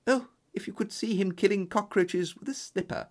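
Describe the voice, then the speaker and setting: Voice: medium pitch, normal speed. A narrator telling a story in the first person as a storybook reading.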